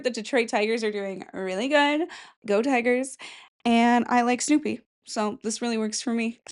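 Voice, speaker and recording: A young woman hosting a casual podcast, rambling, swearing freely and laughing at herself. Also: fairly high pitch. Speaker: podcast host. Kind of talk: casual chat.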